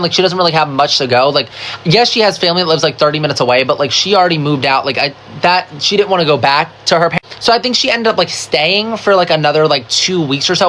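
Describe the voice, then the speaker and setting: A woman dishing a wild storytime as she gets ready, her voice bright and forward. She talks in a gossipy, profane rush, stacking "like" fillers and calling the viewer "girl" and "baby". A faint hum of room sound sits under her. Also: deep voice. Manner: animated and profane, full of "like" fillers. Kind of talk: casual get-ready-with-me storytime.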